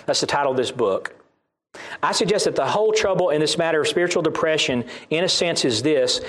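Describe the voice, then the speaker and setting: A man's voice: fairly high pitch, fairly bright tone. A man with a Southern US accent preaching a sermon, reading scripture aloud and repeating key lines for emphasis.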